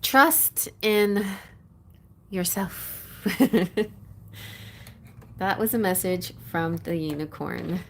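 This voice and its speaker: A woman's voice: on the low side, drawn-out words, pauses often, fairly bright tone, slight background noise. A middle-aged woman hosting a live tarot reading stream, chatting casually and rambling, laughing often.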